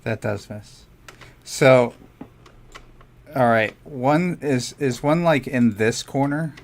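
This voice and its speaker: A man playing in a tabletop game, thinking out loud about his character's moves. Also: mid-range voice, slow. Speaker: player.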